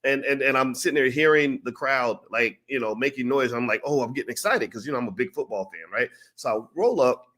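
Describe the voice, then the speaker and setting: A man telling a story in a casual, profane, animated way, acting out what people said. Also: medium pitch, fairly quick, hardly any pauses. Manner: profane, animated, acts out quotes. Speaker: channel host.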